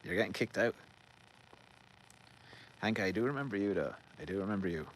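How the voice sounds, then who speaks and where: A man's voice: on the low side, lively intonation, fairly quick. An Irish man live-streaming from a garden outdoors, rambling and joking as he reads out viewer comments. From Ireland. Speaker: livestream host. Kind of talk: casual live-stream chat.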